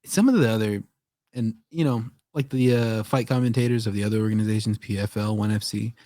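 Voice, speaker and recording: A man co-hosting a podcast in casual chat, animated and swearing, slipping into mock voices when quoting people. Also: fairly low pitch, brisk, no room sound. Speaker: podcast co-host.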